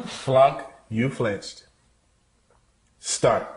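Slow, low-voiced male drill coach. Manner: slow, measured explanation; taunting and goading. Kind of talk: demonstrating training drills.

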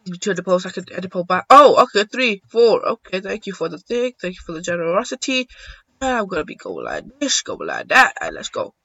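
A young man giving excitable, joking commentary while playing a video game, swearing now and then. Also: high-pitched, brisk, vocal fry, no echo. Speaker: gaming YouTuber. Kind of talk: casual gameplay commentary. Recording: dull lo-fi dry sound.

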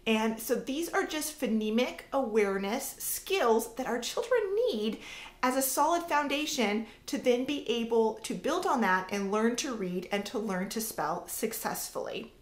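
A woman's voice: a little high, animated, a little slow, reverberant. A woman in her thirties, a homeschooling mother, casually explaining how to teach reading with sounded-out examples. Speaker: homeschool mom and educator. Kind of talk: casual teaching talk to camera.

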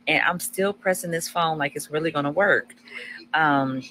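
A woman's voice: sits low, moderate pace, vocal fry, bright, forceful tone, slight background noise, low-quality recording. A woman telling a personal story casually, acting out her own past lines with animation.

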